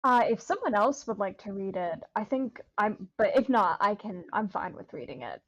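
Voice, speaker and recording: Brief: excitable, rambling woman, mid pitch, dry muffled lo-fi mic. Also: moderate pace, no echo. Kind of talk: casual chat. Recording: dull lo-fi mic.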